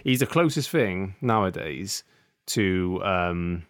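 A man's voice: low-pitched, expressive, slow, clear, resonant tone, no echo, studio quality. A young man co-hosting a podcast, chatting casually about football, swearing freely and often asking "do you know what I mean.". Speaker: podcast co-host.

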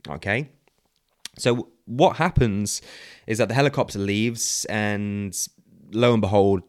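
A man hosting a solo business podcast, talking conversationally with frequent fillers and "okay?" check-ins. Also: lowish voice. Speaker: podcast host.

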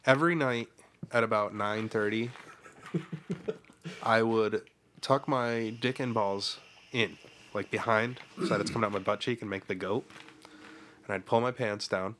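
A man's voice: on the low side, fairly bright tone. A man co-hosting a podcast, joking crudely and rambling in casual banter with his friends. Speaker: podcast co-host.

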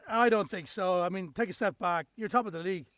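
A man's voice: high voice, quick pace, dry recording. A man hosting a football podcast, chatting casually with fillers and steering the show to its close. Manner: relaxed, fillers, wraps up the show. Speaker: podcast host.

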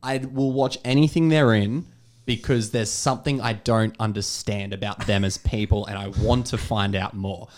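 A man's voice: lowish voice, steady tone, normal speed, a little mellow. A man co-hosting a casual movie review podcast, rambling and giggling as he talks. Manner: giggly, rambling, self-mocking. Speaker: podcast co-host.

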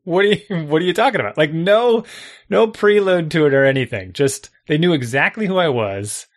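A man co-hosting a podcast, telling a casual story and acting out the people in it with big jumps in his voice. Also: normal speed. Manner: animated, acts out quotes with jumps in pitch. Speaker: podcast co-host.

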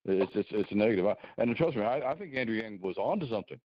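A man, a podcast guest, arguing his point in halting speech that repeats words, on dull lo-fi audio. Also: fairly low pitch, expressive, no echo. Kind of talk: casual political discussion.

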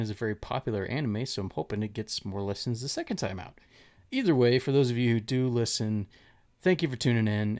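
A man co-hosting a casual podcast. He rambles, laughs easily and trails off while he hunts for names, all in an ordinary mid-pitched voice. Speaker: podcast co-host.

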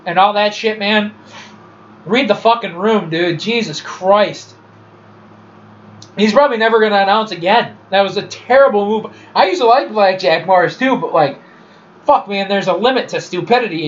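Speaking in a high, slightly bright voice, a podcast host rambles through his sports picks and opinions alone, cursing freely in a casual rant. The audio sounds dull and lo-fi.

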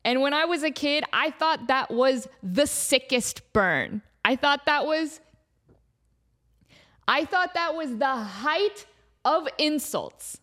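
Her voice sits high and her pace is slow. As the host of a comedy podcast, she animatedly rambles through a made-up silly story, often laughing and acting out bits in silly voices.

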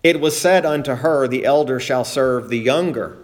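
A man preaching a sermon, reading scripture aloud and stressing points by repetition and slowing down. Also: mid-range voice. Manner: emphatic preaching, repeating phrases for stress, slowing down on key points; reads scripture aloud in King James wording.

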